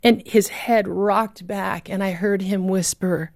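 A woman's voice: medium pitch, steady tone, slow, dry recording, clean studio sound. Earnest woman telling a rescue testimony. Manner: earnest storytelling with vivid reenacted shouts. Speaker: guest telling a personal story. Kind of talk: emotional testimony.

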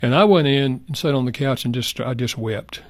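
Un homme âgé, invité d'une émission, raconte avec sincérité et douceur une histoire personnelle. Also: male voice, medium pitch, moderate pace, dry recording, clean studio sound. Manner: earnest, soft-spoken, reflective. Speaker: guest. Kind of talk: heartfelt personal storytelling.

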